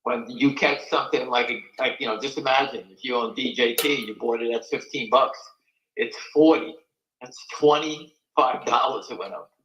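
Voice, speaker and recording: A man's voice: mid-range voice, moderate pace, a bit bright, roomy sound, highs cut off. An older man hosting a live stock market talk show, blunt, folksy and rambling.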